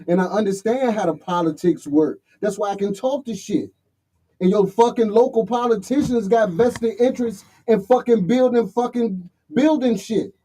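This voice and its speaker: High, bright-voiced man ranting casually. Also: poor audio. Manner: heated, blunt, swearing. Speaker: livestream host. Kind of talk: profane casual rant reading comments.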